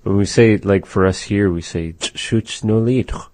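A very low, mellow male voice, recorded close and dry. He teaches words of his language in a casual lesson, saying phrases slowly and musing aloud with "uh" and "you know". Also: no echo. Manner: repeats phrases slowly, thinks aloud with fillers.

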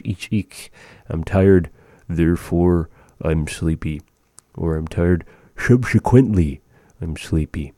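A man teaching words of a language in a relaxed, chatty way, repeating each word slowly. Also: sits low, dry recording, studio quality. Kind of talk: casual language lesson.

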